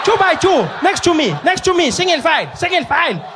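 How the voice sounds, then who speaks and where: A frantic schoolteacher woman barking orders in a shrill, very high, loud voice, as a stand-up comic does her. She sounds pushed right to the edge. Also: very animated, brisk, crowd noise, noisy background.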